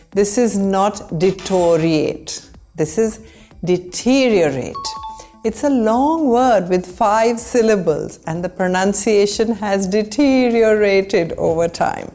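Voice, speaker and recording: A woman presenting a pronunciation lesson, saying each model word slowly and carefully. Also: mid-range voice, a little mellow. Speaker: English pronunciation teacher. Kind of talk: scripted lesson to camera.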